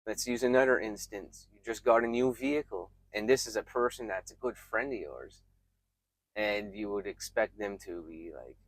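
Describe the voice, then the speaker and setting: A man giving reflective, emphatic self-help advice straight to his viewers, pausing often and restarting his sentences. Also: fairly low pitch, no room sound. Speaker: self-help video creator. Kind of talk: earnest self-help talk to camera.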